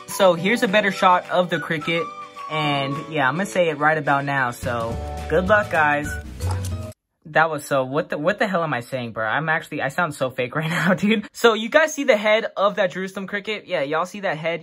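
Young guy with a raised pitch, excitable and slangy, casual vlog chat. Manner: slangy, excitable, self-mocking. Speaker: pet keeper showing his bugs.

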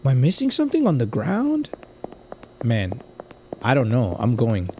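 A young man from the United States commenting casually on a game he plays, swinging from quiet muttering to loud outbursts. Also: mid-range voice, normal speed, slight background noise. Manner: excitable, swings from muttering to yelling. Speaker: gaming streamer.

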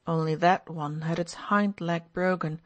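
A woman's voice: lowish voice, moderate pace, natural voice. A woman reading the part of an impulsive, brooding young man who talks in an expansive, feverish way. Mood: sly. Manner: expansive, feverish, then dreamy.

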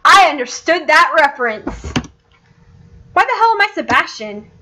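A woman's voice: high voice, big pitch swings, moderate pace, bright, forceful tone, a little hiss or hum, pitched above the performer's own voice, heavily acted, low-quality recording. A woman voicing a confused, naive male dog companion in a game, whiny and bewildered.

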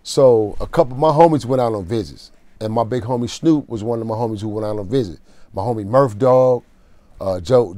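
A man tells a raw story from his time in jail, speaking street slang with a dark, mellow tone. He sits close to a dry, deadened mic. His voice sinks low and quiet through the heavy moments. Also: dry recording. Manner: street slang, emotional prison storytelling, drops to a low murmur. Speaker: interview guest. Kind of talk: storytelling in a casual interview.

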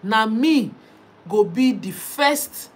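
A young Nigerian woman hosting a casual live stream, lively, reading out viewer comments and mixing in Igbo and Pidgin. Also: fairly high pitch, slow. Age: young adult.

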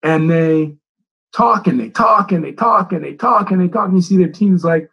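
A man's voice: high-pitched, moderate pace, gravelly, fairly bright tone, breathy edge, rough recording. A middle-aged man who coaches soccer, giving a presentation and telling stories, repeating his key phrases for emphasis.

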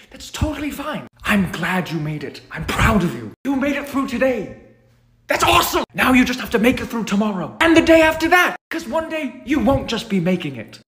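A performer doing an unhinged, clingy ghost boy who rambles straight to the camera. The voice is bright and ringing, and it leaps around in pitch. The talk is full of fillers and drops into hushed, playful asides. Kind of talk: in-character monologue to camera. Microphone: phone camera.

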